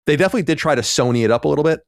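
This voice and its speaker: Rapid-fire and animated, a male podcast co-host speaks in a creaky voice on the high side. The casual chat is rambling, with many restarts and fillers, recorded dry in a clean studio.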